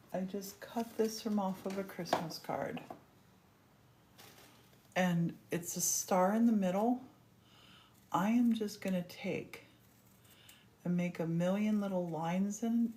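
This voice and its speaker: A woman's voice: medium pitch, mellow, slight background noise. A woman hosting a casual crafting demonstration, chatty and gushing as she works. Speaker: craft host.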